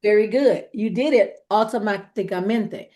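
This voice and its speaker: A woman's voice: mid-range voice, normal speed, mellow. A woman teaching a Spanish class, quizzing her students and praising their answers. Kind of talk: online language class.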